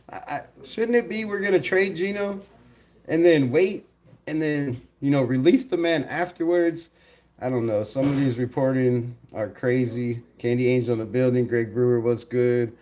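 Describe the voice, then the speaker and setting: Animated man hosting a live stream. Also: mid-range voice, measured pace, slight background noise. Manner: animated, talks to chat, laughs often. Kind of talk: casual live stream commentary.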